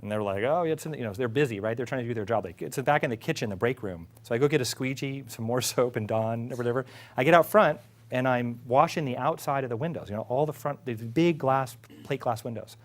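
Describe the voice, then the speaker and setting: A middle-aged man, an executive, telling a casual story about his career. He is lively, laughs often and acts out what others said. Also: medium pitch, fast. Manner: animated, laughing, acts out quotes. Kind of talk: casual anecdote.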